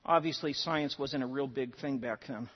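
A man's voice: medium pitch, normal speed, slightly rough. A man preaching a sermon in an earnest way, with strong emphasis at times. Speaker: pastor. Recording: dull sound with long hall reverb.

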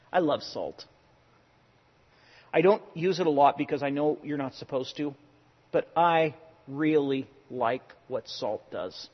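Husky-voiced pastor preaching in a hall. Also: male voice, on the high side, highs cut off. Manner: conversational preaching with personal anecdotes, swings from loud to hushed. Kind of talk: sermon.

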